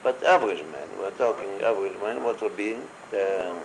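A man with a lowish voice leads a casual religious discussion, pausing often and filling gaps with hesitations. He quotes blessings aloud as he explains. Faint background hiss sits under the recording. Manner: halting, many fillers, quotes blessings aloud.

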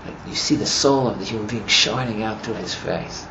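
A man teaching a class as he retells a story, rambling and filling his talk with "you know", and growing animated as the story builds. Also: lowish voice, a little fast, creaky. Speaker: religious teacher. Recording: muffled with steady background noise.

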